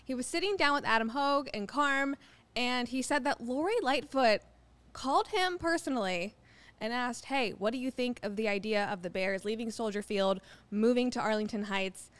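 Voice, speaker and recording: Podcast lady running the segment, smooth clear voice, super dry studio sound. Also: on the high side, a bit bright, dry recording. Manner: measured, segment-leading. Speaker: podcast co-host. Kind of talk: casual sports talk.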